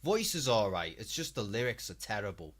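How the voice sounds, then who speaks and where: Exasperated sweary streamer. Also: male voice, fairly low pitch, sing-song, a little fast. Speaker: live streamer. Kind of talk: reaction stream commentary.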